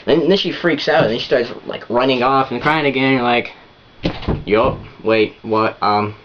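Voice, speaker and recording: A man's voice: mid-range voice, brisk, fairly bright tone, dull audio, a little hiss or hum. A man giving relationship advice in a rambling, repetitive casual monologue full of restarts.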